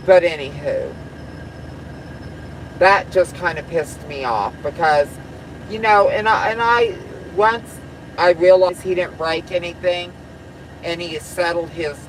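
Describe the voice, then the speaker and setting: A woman's voice: deep voice, slight background noise, rough recording. A woman truck driver chatting on a live stream, blunt and profane, rambling from one topic to the next. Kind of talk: casual live-stream chat.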